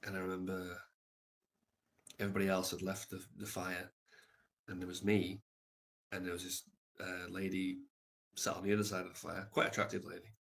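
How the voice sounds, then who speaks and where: A man's voice: low voice, monotone, normal speed, gravelly, long pauses, fairly bright tone. A man on a livestream telling a long story in a reflective, rambling way, swearing casually.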